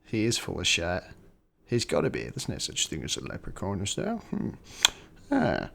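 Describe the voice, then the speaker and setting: A man's voice: sits low, normal speed, vocal fry, crowd noise. A man co-hosting a podcast, casually recapping a film, swearing and acting out the lines. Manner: animated, swearing, acts out lines. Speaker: podcast co-host.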